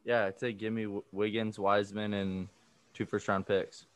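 A man's voice: fairly low pitch, flat delivery, moderate pace, clear, resonant tone, no echo. A man co-hosting a casual sports podcast, blunt and joking, swearing often. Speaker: podcast co-host.

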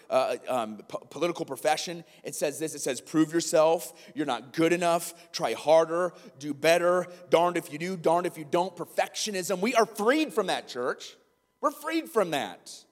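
Preaching man in a reverberant hall. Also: on the high side. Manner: emphatic, plays out little scenes. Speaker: pastor. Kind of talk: sermon.

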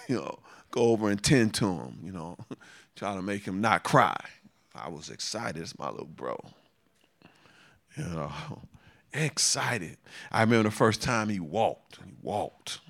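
A man's voice: low voice, expressive, moderate pace. A man preaching a sermon, repeating phrases for emphasis and chuckling often.

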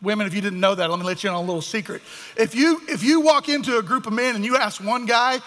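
A man preaches a sermon, his voice high and bright. He talks animatedly and slips into the voices of the people in his story. The sound carries the long echo of a hall. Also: fast. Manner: animated, acts out voices of biblical figures. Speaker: pastor. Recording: echoey hall.

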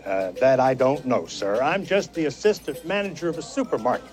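An actor playing a supermarket assistant manager in a film clip, calm but stern. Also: male voice, medium pitch, brisk, lightly acted. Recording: film soundtrack with music behind.

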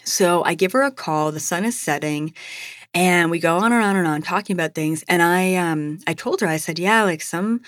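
Young woman podcaster, lowish voice, dry close mic, rambling casual storytelling. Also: normal speed, no echo. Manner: chatty, lots of "like" and "you know". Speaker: podcast host. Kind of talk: personal storytelling.

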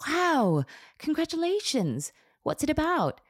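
A woman's voice: deep voice, lively intonation, fairly quick, a little mellow, no echo, clean studio sound. A woman voicing an eager, chatty male hairstylist with a British accent, asking effusive questions. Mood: eager, curious.

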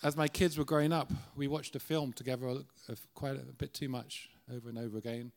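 A middle-aged Irish man gives a sermon from the pulpit of a church, in an earnest, conversational way. His voice sits at an ordinary pitch, and he often restarts his sentences as he pushes a point. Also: level tone, fast, vocal fry, faint music behind. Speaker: guest preacher.

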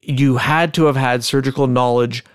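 A man co-hosting a casual true-crime podcast, reading old testimony aloud in a measured, deliberate way. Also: medium pitch, fairly even intonation, clear, resonant tone, no echo, clean studio sound. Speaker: podcast co-host.

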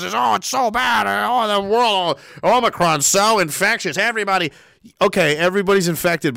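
A man's voice: a little high, a bit bright, dry recording, studio quality. A man hosting a livestream, chatting casually and sarcastically while reading out chat messages, laughing often and swearing freely.

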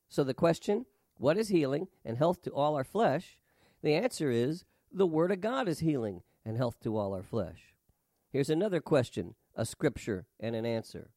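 A man's voice: medium pitch, lively intonation, normal speed, warm tone, no echo, studio quality. A man preaching a sermon and reading scripture aloud, with an emphatic, rhythmic delivery that lifts on key words.

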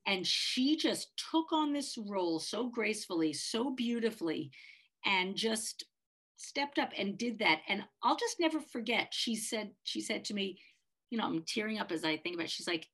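A middle-aged woman co-hosting a podcast, telling a personal story in a heartfelt, halting way with many restarts. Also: medium pitch, lively intonation, fairly bright tone. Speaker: podcast co-host, parent of a child with a disability.

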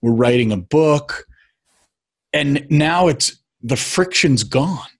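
A man's voice: a little high, takes it slowly, gravelly, husky. A middle-aged man telling a personal story in a casual chat, acting out what others said. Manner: animated storyteller, acts out quotes. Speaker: guest.

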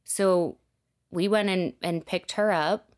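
A young woman with a slightly low voice recounts a personal story in relaxed podcast chat. She leans on fillers like "like" and lets her voice sink softer when she turns reflective. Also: slow. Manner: chatty, many fillers like "like", dips to soft reflective tones. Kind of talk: personal storytelling in casual conversation.

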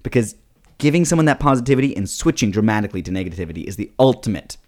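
A man co-hosting a casual comedy podcast, teasing his partner in a dry, deadpan way. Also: fairly low pitch, very fast. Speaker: podcast co-host.

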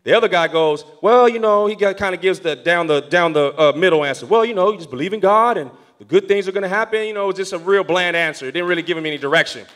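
A young man preaching, telling a story from the pulpit and moving between hushed, prayerful passages and loud, excited ones. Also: high voice, fast talker, hardly any pauses. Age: young adult. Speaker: pastor. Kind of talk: sermon storytelling.

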